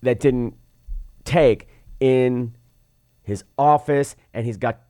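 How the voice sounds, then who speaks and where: A man's voice: mid-range voice, slow pace, dry recording, studio quality. A man hosting a podcast, recapping a film in a sarcastic, comedic way. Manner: sarcastic, animated storytelling. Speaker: podcast host and film reviewer.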